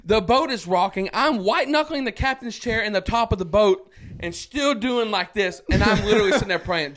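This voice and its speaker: High-voiced man telling an animated story. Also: brisk, hardly any pauses. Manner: animated, acts out quoted voices, frequent laughs. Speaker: podcast guest. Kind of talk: casual storytelling.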